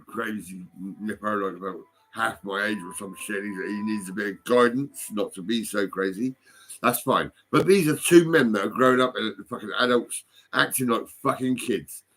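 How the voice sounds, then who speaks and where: Older british guy on his phone, swearing nonstop, rambling angry rant, mid-pitched voice. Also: a bit bright. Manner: swearing, rambling, threatening, mocking. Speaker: vlogger.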